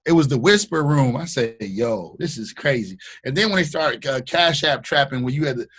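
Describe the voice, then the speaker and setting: A man from the Bay Area, a radio host, chatting as a podcast guest in slangy, animated storytelling style, acting out what people said. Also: mid-range voice, moderate pace, noisy background. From Bay Area, California. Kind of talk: casual interview chat.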